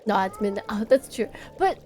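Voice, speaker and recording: A woman's voice: mid-range voice, lively intonation, a little fast, darkish tone, soft background music. A woman streamer chatting casually on a livestream, playful and giggly, rambling as she talks.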